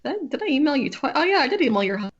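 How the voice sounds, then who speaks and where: A woman's voice: high-pitched, sing-song, rapid-fire, lo-fi sound. A woman streamer chatting casually with a friend while drawing, rambling and often breaking off to restart her sentences.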